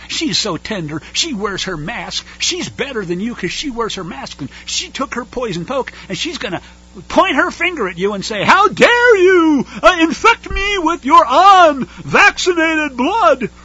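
A man putting on the voice of a smug, self-righteous masked woman, mocking her in a shrill falsetto. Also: very animated, measured pace, sharp tone, lo-fi sound, exaggerated voice. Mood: sneering.

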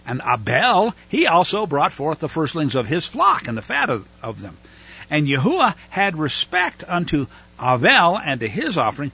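Male Bible teacher, animated and husky; unpacks Hebrew terms, thinks aloud; dull lo-fi recording. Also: high-pitched. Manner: explains Hebrew words, thinks aloud with fillers.

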